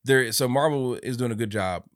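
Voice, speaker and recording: A man's voice: medium pitch, normal speed, no room sound, studio quality. A man co-hosting a podcast in casual chat, acting out the people in his stories and laughing often. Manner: animated storyteller, acts out quotes, laughs often. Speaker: podcast co-host.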